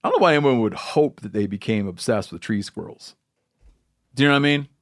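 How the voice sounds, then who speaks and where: A man's voice: medium pitch, lively intonation. A man hosting a podcast, telling a rambling story in casual, joking chat. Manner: storytelling, joking, drawn-out asides. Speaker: podcast host.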